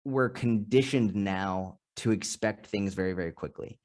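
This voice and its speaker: Animated low-voiced man telling stories. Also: moderate pace. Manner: animated storytelling, acts out quoted voices, frequent restarts. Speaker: podcast guest, strength and nutrition coach. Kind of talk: casual interview chat.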